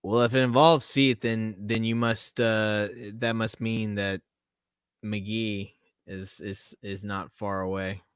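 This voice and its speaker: A man's voice: fairly low pitch, little pitch movement, slow pace, clean tone, no room sound, clean studio sound. A man hosting a casual live stream, chatty, laughing often and swearing freely.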